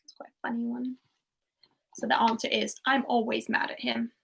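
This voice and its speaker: A chatty young woman hosts a quiz over a livestream, her voice sitting a little high. She reads out answers casually, with small laughs and asides. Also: level tone, moderate pace, vocal fry, fairly bright tone, slightly rough. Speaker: pub quiz host.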